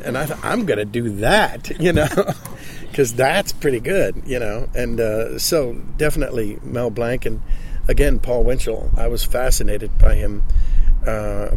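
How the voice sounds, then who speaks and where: Halting man in his sixties, outdoors. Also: mid-range voice, a little mellow, a little hiss or hum. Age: 60s. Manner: halting, often repeating his words. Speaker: voice actor guest. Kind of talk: casual interview.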